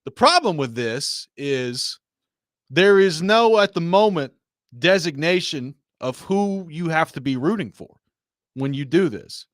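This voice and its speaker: A man hosting a sports talk show, telling a story in a casual, animated way with laughing asides. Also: a little high, a little slow, dry recording, studio quality. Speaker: sports radio host.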